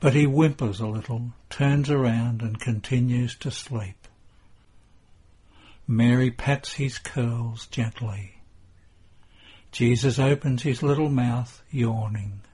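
Man, audiobook narrator, religious reading, measured and reverent, very breathy husky voice, slow pace. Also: mid-range voice, darkish tone. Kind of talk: scripted narration of a religious text.

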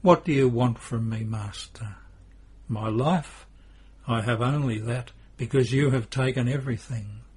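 Man doing an excitable, impulsive fisherman disciple. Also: mid-range voice, unhurried, breathy edge. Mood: relieved, fervent. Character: eager impulsive male disciple, middle-aged fisherman.

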